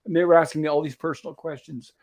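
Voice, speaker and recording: A man's voice: fairly high pitch, fairly even intonation, racing. A man hosting a casual livestream chat, telling a rambling story and repeating "I said" as he recounts a conversation. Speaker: host.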